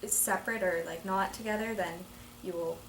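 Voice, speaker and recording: A woman's voice: mid-range voice, steady tone, moderate pace, fairly bright tone. A teenage girl student who explains a passage and reads aloud, hesitant with many ums. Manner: hesitant, full of ums and likes. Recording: echoey room with faint noise.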